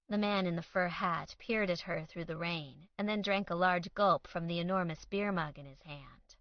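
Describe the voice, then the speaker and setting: A woman's voice: fairly low pitch, unhurried, dry recording. Female audiobook narrator, dry and wry. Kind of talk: scripted narration. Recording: dry, slightly dull studio sound.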